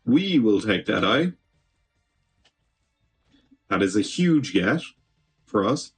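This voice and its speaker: A man's voice: lowish voice, very animated, takes it slowly, breathy edge, faint music behind. A man streaming gameplay, chatting casually and talking back to the game, with an occasional swear. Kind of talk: live gameplay commentary.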